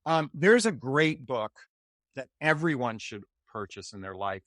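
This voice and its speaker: Animated American man coaching on a podcast. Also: mid-range voice, measured pace, no echo. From United States. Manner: animated, enthusiastic, acts out example replies. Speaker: dating and relationship coach, guest. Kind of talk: podcast interview.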